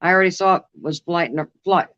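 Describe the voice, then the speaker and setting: A woman's voice: on the low side, a little fast, a bit bright. Woman chatting on a dull lo-fi recording. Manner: coos and baby-talks to her dog. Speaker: paranormal investigator. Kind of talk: casual chat while filming.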